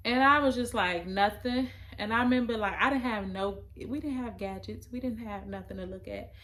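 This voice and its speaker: A young adult woman, telling a personal story in a casual, emotional, halting way. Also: mid-range voice, a bit bright.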